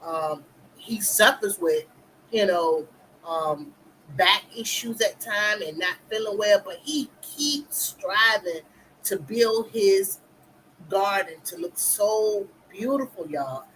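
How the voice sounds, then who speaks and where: A woman's voice: medium pitch, expressive, slow pace, a bit bright, a little hiss or hum, poor audio. A middle-aged woman hosting a casual live stream, chatty, greeting viewers by name and telling her own story. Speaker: livestream talk show host.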